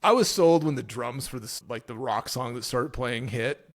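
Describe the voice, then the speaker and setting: A man's voice: mid-range voice, normal speed. Guy podcast host, hyped and sweary, just chatting. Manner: enthusiastic, swears freely. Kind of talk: casual chat.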